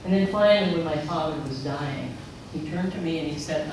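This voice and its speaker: A middle-aged speaker delivers a storytelling sermon in a large sanctuary and brings each remembered quote to life. The voice comes from well back from the microphone and rings in a very echoey hall, with steady noise underneath. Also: mid-range voice, brisk. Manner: animated storyteller who acts out remembered quotes. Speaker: speaker at a spiritual center service. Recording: echoey hall from far off, noisy.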